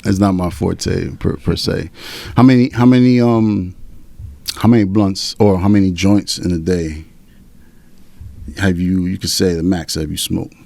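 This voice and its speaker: Deep gravelly guy in his 40s hosting a podcast, dark mellow tone, dry close sound, laid-back rambling chat. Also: steady tone, unhurried, no room sound. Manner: laid-back, rambling, keeps saying "you know what I'm saying". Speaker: podcast host. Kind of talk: casual chat.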